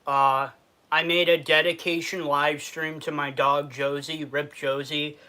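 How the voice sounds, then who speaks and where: A man's voice: fairly high pitch, flat delivery, unhurried, pushed and bright. A man from Western New York with a New York accent, hosting a casual food review livestream, reading viewer comments aloud and answering them, sad underneath.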